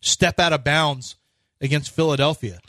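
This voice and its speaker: Brash sports radio host, bright voice. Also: male voice, on the high side, moderate pace, dry recording. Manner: brash, boastful, loud predictions.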